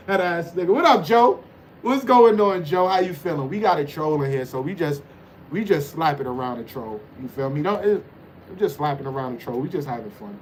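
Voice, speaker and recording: A man's voice: fairly high pitch, expressive, a little fast, a little hiss or hum. A man hosting a livestream, reading the chat and joking around in loose, teasing banter. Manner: loose, teasing banter with frequent "you know what I'm saying".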